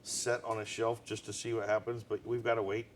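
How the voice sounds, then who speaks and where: A man's voice: fairly low pitch, flat delivery, a little fast, slight background noise. Chatty man hosting a live stream. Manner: chatty, quizzing his co-host. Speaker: show host. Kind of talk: casual live-stream chat.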